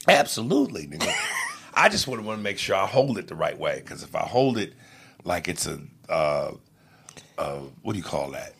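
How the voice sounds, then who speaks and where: Man, podcast co-host, crude, laughing, husky voice. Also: deep voice, very animated, normal speed, fairly bright tone. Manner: crude, laughing, mumbling asides. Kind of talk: crude casual chat.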